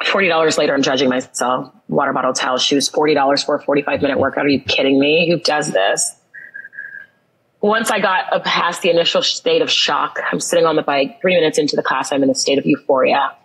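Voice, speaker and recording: A woman's voice: sits low, a little fast, a bit bright, breathy edge, rough recording. A woman guest in a podcast interview, telling a personal story with earnest, emphatic repetition. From United States.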